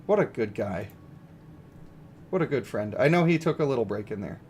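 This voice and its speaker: A man's voice: medium pitch, expressive, moderate pace, darkish tone, slight background noise. A man giving casual, joking livestream commentary on a mobile game and greeting viewers. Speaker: gaming streamer.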